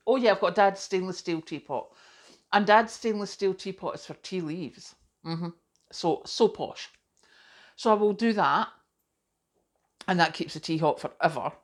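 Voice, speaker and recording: A middle-aged woman talking straight to camera in a relaxed vlog. Her voice sits a little low for a woman, and she chats in a self-deprecating way, with plenty of asides. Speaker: vlogger. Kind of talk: casual chat to camera.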